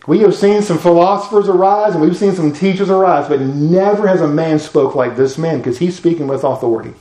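A man preaching a sermon, firing off rhetorical questions with big swings in pitch and loudness. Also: a little fast, few pauses, echoey room, poor audio. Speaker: pastor.

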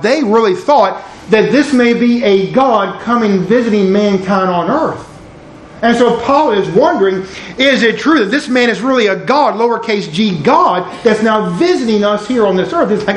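A man preaching a sermon, retelling a scripture passage and acting out the characters in casual, dramatic voices, dropping low and slow for emphasis. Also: slight background noise, low-quality recording.

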